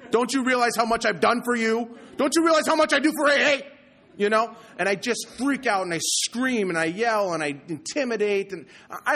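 Guy sharing his story at a meeting, kinda high voice, gets loud and heated then goes real quiet, keeps saying you know. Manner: passionate, swings from loud heated outbursts to low quiet confession; conversational, repeats "you know". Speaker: recovery meeting speaker. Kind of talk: personal testimony talk.

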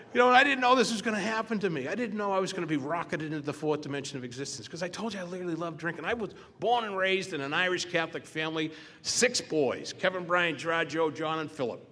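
An older man speaking at a recovery meeting, telling his own story in a halting, joking way. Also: fairly high pitch, pushed and bright. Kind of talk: personal recovery testimony. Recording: echoey hall, faint room noise.

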